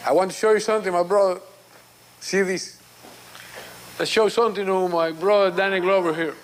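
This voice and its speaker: A man's voice: high voice, fairly even intonation, a little fast, a little hiss or hum. Man sending a heartfelt video greeting. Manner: warm, affectionate, switches into doting baby talk. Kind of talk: casual video message.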